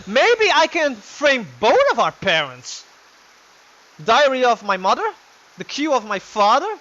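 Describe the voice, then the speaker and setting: A young man giving casual let's play commentary, excitable and thinking aloud. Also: very high-pitched, measured pace, muffled recording.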